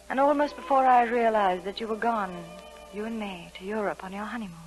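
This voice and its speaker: A woman's voice: a little high, natural voice, rough recording. Ellen, a tender, torn young woman, played by an actress. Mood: wistful. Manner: soft, pleading and restrained. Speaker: narrating lead in a radio play. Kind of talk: 1940s radio acting. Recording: old radio broadcast with faint music.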